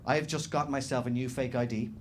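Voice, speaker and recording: A young Dublin man with a Dublin Irish accent, doing animated, sweary, self-mocking stand-up storytelling live on stage. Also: medium pitch, fast talker, a little hiss or hum. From Dublin, Ireland. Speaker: stand-up comedian. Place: comedy club stage, live audience. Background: faint room ambience, audience laughter.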